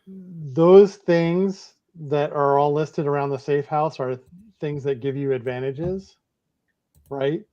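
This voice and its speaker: Man, game master, relaxed, hesitant, um-filled, slightly dull sound. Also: a little high, slow. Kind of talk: explaining game rules.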